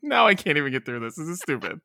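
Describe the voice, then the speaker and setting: A man's voice: medium pitch, expressive, rapid-fire, bright, forceful tone. A man co-hosting a podcast over a video call, presenting news in a mock-serious, casual way. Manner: mock-serious, newsy delivery. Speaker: podcast co-host. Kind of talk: casual chat.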